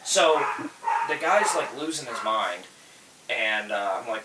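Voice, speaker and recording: A man casually telling stories on a podcast, acting out quoted people with loud, animated bursts. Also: lowish voice, moderate pace. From Florida. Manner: animated, acts out quotes loudly. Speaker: podcast host, tool truck dealer. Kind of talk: casual storytelling chat. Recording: echoey room, distant mic, faint hiss.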